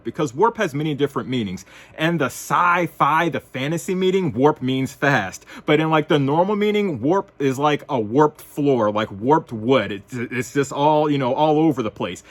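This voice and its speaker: A man's voice: mid-range voice, expressive, moderate pace. A man from the United States, giving wry, sarcastic opinion commentary in a casual vlog. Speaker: vlogger.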